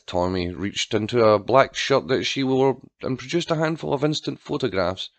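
A man narrating a dark storybook with a steady, dramatic reading. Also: medium pitch, normal speed, hardly any pauses, dry recording. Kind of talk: scripted narration.

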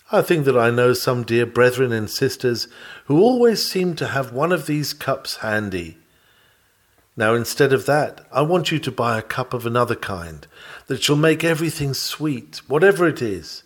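A man preaching a sermon aloud in an earnest, emphatic manner, repeating key phrases for weight. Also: medium pitch.

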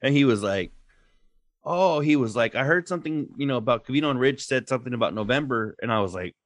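A man's voice: mid-range voice, animated, fast, no echo, clean studio sound. Rambling, swearing podcast co-host man. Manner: rambling, profane, laughs often. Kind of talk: casual chat.

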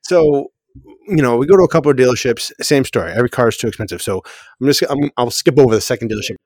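A man's voice: medium pitch, fast, a little mellow, dry recording, clean studio sound. A man co-hosting a podcast, telling a rambling story in casual chat, laughing and restarting often. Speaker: podcast co-host.

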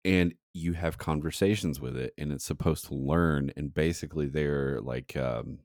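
Very deep-voiced man in casual podcast chat. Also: moderate pace, darkish tone, dry recording, clean studio sound. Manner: rambling, laid-back storytelling with many fillers. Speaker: podcast co-host.

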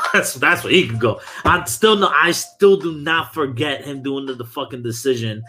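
A man's voice: mid-range voice, normal speed, pushed and bright. A man from Brooklyn, hosting a casual podcast and ranting about sports in heated, profane talk. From Brooklyn, New York. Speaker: podcast host.

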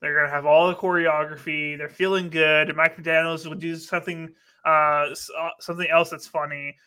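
A man co-hosting a casual football betting show, emphatic and animated as he argues his pick. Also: fairly high pitch, moderate pace, clean tone. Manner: animated, emphatic, trash-talking. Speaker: co-host making picks. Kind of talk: casual sports betting chat.

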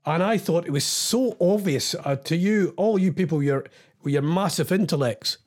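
A man's voice: on the high side, moderate pace. A Scottish man hosting a casual live-stream quiz as a radio DJ, teasing his listeners as he reads out their comments. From Scotland.

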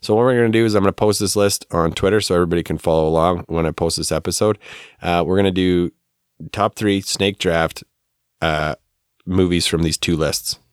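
A man hosts a casual podcast chat with a very low voice. He runs things with dry teasing. The sound is close and dry. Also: fairly quick, clear, resonant tone, dry recording. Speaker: podcast host.

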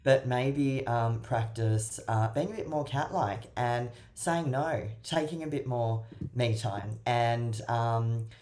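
Low, mellow-voiced woman love coach. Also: slow. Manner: expressive, acts out little voices while explaining. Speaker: love coach and matchmaker guest. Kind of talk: casual podcast advice.

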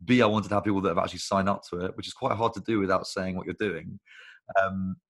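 On a video call interview, a guest who founded a recruitment business talks casually in long, rambling stories and swears freely. His voice sits low and he speaks fast with fairly even intonation.

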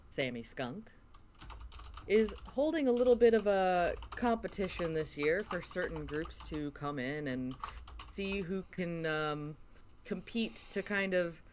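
Lively game master narrating a setup. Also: mid-range voice, a little hiss or hum. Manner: playful, hedging with fillers.

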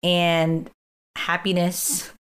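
A woman co-hosting a podcast in casual chat, playful and quick to make jokes. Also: on the low side, monotone, crowd noise. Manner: playful, jokey, goofs around. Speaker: podcast co-host.

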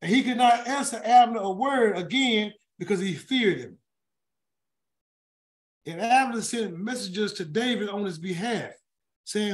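Reading scripture for a weekly word study, a man with a high-sitting voice speaks expressively and without hurry. He breaks off for casual, colloquial commentary, and names frequently trip him up into restarts.

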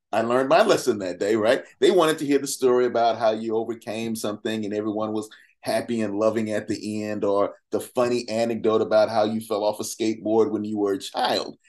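Speaking in a lowish, slightly mellow voice, a man appears as a podcast guest and argues with passion in a conversational manner. He emphatically fires off rhetorical questions, mixed with casual fillers and asides.

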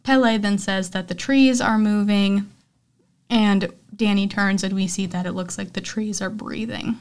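A woman hosting a podcast, recapping a film in a loose, chatty way. Her voice sits in a middle pitch, and she keeps a conversational flow full of fillers and quoted lines. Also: steady tone, measured pace. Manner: chatty, filler-heavy retelling with acted quotes. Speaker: podcast host. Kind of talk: casual movie recap.

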